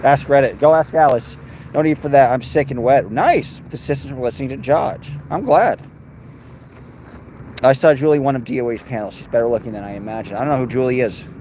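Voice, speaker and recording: A man's voice: mid-range voice, a little fast, darkish tone, slight background noise. An American man hosting a livestream, reading and answering chat in a crude, sarcastic, rambling way. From United States.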